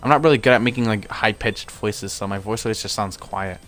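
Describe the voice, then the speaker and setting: A man's voice: fairly low pitch, fairly quick, fairly bright tone, soft background music. A young man giving casual let's-play commentary, rambling and full of "like" fillers. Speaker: gamer.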